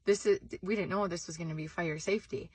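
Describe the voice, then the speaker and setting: A young woman hosting a casual vlog, telling a story with lots of "like"s and excited outbursts. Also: fairly low pitch, quick pace, husky, dry recording. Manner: excitable, animated, screams in retold moments, many "like"s. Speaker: vlog host.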